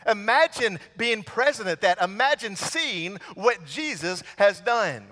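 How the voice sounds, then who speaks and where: A man's voice: high voice, sing-song, unhurried, sharp tone. A man preaching a sermon, retelling scripture as a story and asking the congregation questions. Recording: long hall reverb.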